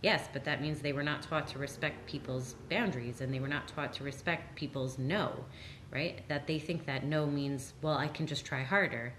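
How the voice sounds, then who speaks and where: A woman's voice: sits low, normal speed, a little hiss or hum. A woman therapist reading out audience questions and answering them in an earnest, reassuring way, sometimes acting out quotes. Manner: earnest, reassuring, lively when quoting others. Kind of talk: live Q&A talk.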